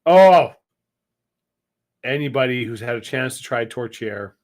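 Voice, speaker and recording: A man's voice: medium pitch, fairly even intonation, a bit bright. A man co-hosting a live stream, chatting casually and rambling through jokes and food talk. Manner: rambling, jokey, drawn-out. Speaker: co-host.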